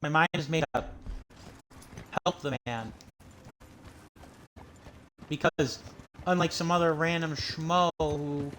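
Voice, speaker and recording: A male streamer chats his way through a western video game, musing to himself between tasks. His voice sits a little high for a man. A faint background noise runs under the recording. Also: fairly even intonation, slow pace, pauses often, fairly bright tone. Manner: chatty, talks to himself while playing. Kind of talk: casual gameplay commentary.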